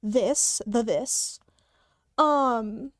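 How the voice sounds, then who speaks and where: Giggly woman streamer rambling slow, fairly high voice, dry close mic. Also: no echo. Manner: giggly, rambling, trying out voice changer effects. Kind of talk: casual livestream chat. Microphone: headphones beneath a hat.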